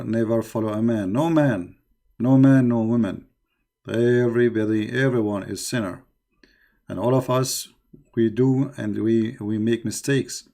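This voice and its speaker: This gravelly, dark-voiced man is wrapping up his call-in show with a casual talk on faith for his listeners. His pitch is medium, and he speaks plainly, with many fillers and repeated phrases.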